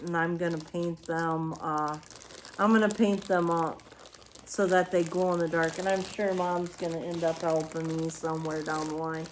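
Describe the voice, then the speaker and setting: Chatty woman with a lowish voice. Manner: chatty, rambling, with frequent apologetic asides. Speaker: home decor haul vlogger. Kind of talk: casual show-and-tell chat.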